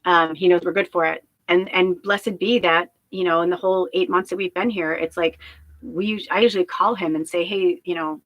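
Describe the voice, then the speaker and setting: A woman's voice: lowish voice, steady tone, fairly quick, lo-fi sound. Woman rambling on a live stream, super emotional, cusses, dry room, no echo. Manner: rambling, emotional, swears freely. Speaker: spiritual medium streamer. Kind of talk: candid livestream monologue.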